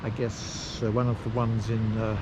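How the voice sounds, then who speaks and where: A man casually narrating a road trip outdoors, rambling with pauses and fillers. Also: on the low side, monotone. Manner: slow, rambling, pausing with fillers. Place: outdoors at campsites and parks. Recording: noisy outdoor recording.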